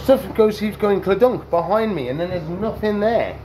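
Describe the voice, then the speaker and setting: Guy talking to his reptiles at feeding time, fairly high voice, bit of faint noise behind. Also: animated, moderate pace. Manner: chatty, talks to the animals in a coaxing sing-song. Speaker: reptile keeper and channel host. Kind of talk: casual animal-feeding vlog. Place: indoors among reptile tanks.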